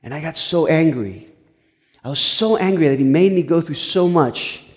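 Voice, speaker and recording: A man's voice: on the high side, animated, normal speed, a little mellow, in a large hall. A male pastor telling a story in a sermon, earnest, with frequent stumbling restarts.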